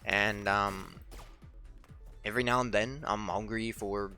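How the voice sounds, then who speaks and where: A man's voice: on the low side, steady tone, a little slow, bright, forceful tone. A young man telling a rambling, chatty story while playing a game, with faint game music behind him. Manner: rambling, chatty, acts out quoted people. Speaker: let's play host. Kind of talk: casual storytelling over gameplay.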